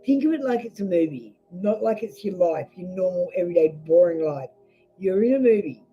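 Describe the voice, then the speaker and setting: Over faint background music, an Australian woman reads tarot cards bluntly on a live stream and curses freely. Her lowish voice is warm, animated, and a little fast. The audio is dull lo-fi stream quality.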